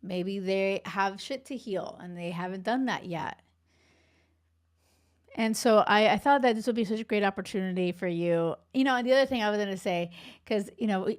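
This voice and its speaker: A woman in her thirties, a love coach, talking casually and warmly on her podcast, rambling with fillers. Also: mid-range voice, smooth. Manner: chatty, heartfelt, rambling with fillers.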